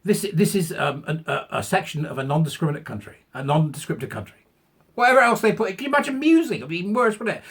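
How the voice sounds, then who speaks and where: A man's voice: high voice, animated, quick pace, a bit bright, slightly rough. An English man ranting in sarcastic, mocking commentary and laughing at his own jokes. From England. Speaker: online commentator.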